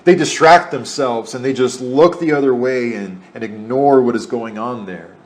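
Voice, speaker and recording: A man's voice: medium pitch, moderate pace. A man preaching a sermon in an earnest way, repeating phrases for emphasis.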